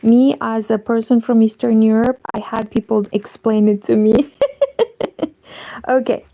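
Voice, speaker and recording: A woman's voice: fairly high pitch, flat delivery, measured pace, creaky, warm tone, rough recording. A woman from Moldova, chatting casually on a crochet livestream and greeting viewers as she works.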